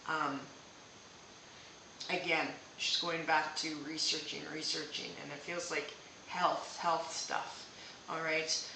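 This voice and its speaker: A woman gives a live-streamed psychic reading in a very bright, sharp-edged voice, gentle and reassuring as she checks in with "okay?". She sits back from the mic in an echoey room with faint hiss behind her. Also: sits low, flat delivery, slow, creaky, distant mic. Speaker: psychic medium.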